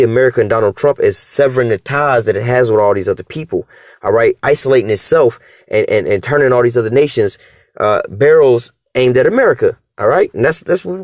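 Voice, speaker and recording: Animated man, dry close commentary. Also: no echo. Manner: animated, profane street slang, acts out dialogue; restarts and fillers, rising pitch when emphatic. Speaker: religious commentator. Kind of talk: casual spoken commentary.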